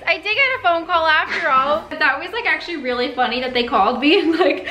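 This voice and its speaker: A young woman vlogs from her bedroom with a high, bright voice. She talks casually and dramatically, tossing in quick exclamations. Soft music plays faintly behind her. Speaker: vlogger. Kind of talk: casual chat to camera. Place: home bedroom.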